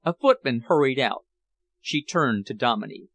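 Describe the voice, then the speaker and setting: A man narrating a novel in a measured, even reading voice. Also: mid-range voice, gravelly, no room sound. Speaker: audiobook reader. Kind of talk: scripted narration.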